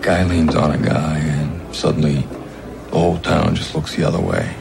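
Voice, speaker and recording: A deep, gravelly middle-aged newspaper editor, grim and knowing. His voice sits very low and rasps at the edges, and music plays clearly behind him in the clip. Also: little pitch movement, moderate pace.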